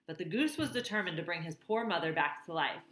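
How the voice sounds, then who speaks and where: A woman reading a novel aloud, sometimes pausing to comment on the story. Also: fairly low pitch, animated, a bit bright, roomy sound. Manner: pauses to comment on the plot. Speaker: reader.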